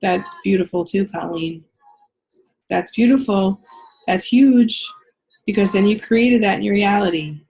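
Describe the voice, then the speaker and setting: A woman's voice: mid-range voice, a little slow, long pauses, a little mellow, poor audio. A woman leading a spiritual healing group. She reads out members' comments, affirms them with repeated phrases, then guides a meditation.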